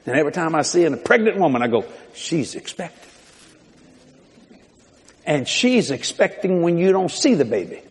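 A man's voice: on the high side, big pitch swings, normal speed, pauses often, slightly rough. An older man preaching a sermon, telling folksy stories with laughter and mimicry. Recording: long hall reverb.

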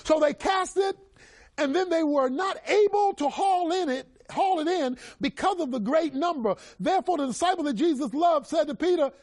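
A middle-aged male pastor preaching a sermon, emphatic, swinging between loud cries and hushed asides. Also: extremely high pitch, normal speed, no echo.

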